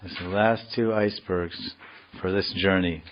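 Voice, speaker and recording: A man giving a scripture class, explaining words slowly in a digressive, joking way, heard in a dull lo-fi recording. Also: deep voice, steady tone. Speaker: spiritual teacher.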